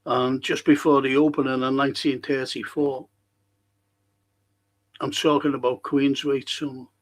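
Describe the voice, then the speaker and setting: A man's voice: medium pitch, flat delivery, unhurried, low-quality recording. A man hosting a casual live stream, chatty and rambling as he reads out viewer comments.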